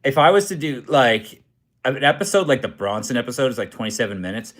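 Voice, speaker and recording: Speaking fast in a mid-range voice, a young Canadian true crime comedy host reads viewer comments during a casual livestream from a hotel room. He sounds tired, loose, and self-deprecating, rambling with many fillers.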